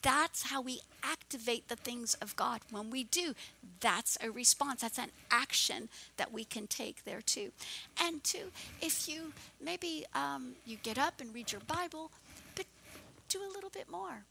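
A woman's voice: high-pitched, animated, a little slow, vocal fry, bright, forceful tone, slight background noise. A woman pastor preaching a fervent, encouraging sermon.

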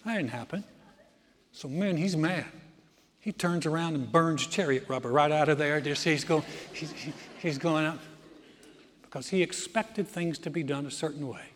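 A pastor preaching a sermon as an animated storyteller, often throwing in "man" and swinging from loud to quiet. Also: a little high, moderate pace, long pauses, slight background noise. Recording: long hall reverb.

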